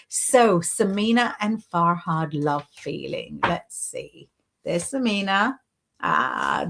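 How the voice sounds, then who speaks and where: A woman's voice: a little high, fairly bright tone. A woman hosting a casual live stream, chatting and encouraging as she reads viewer comments and gives intuitive readings, with lots of "sort of" and "you know".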